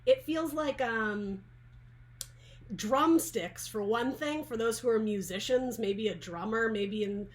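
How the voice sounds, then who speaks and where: A woman's voice: on the high side, takes it slowly. A woman giving a casual tarot reading to camera, chatty and rambling, often restarting her sentences. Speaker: tarot reader.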